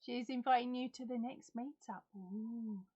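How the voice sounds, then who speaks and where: A woman's voice: on the high side, measured pace, darkish tone, husky, lo-fi sound. A middle-aged woman hosting a casual live chat from home, reading out viewer comments, giggling and talking a lot. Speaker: livestream host.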